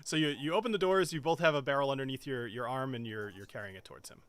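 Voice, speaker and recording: A man's voice: mid-range voice, fast, clear, resonant tone, dry recording. A man narrating as game master of a tabletop game, often breaking into laughter.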